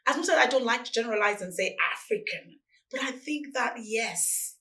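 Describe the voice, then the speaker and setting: A woman's voice: a little high, normal speed. Woman, Nigerian accent, forties, interviewee, earnest, slightly distant mic. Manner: earnest, animated storytelling. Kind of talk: reflective interview answers.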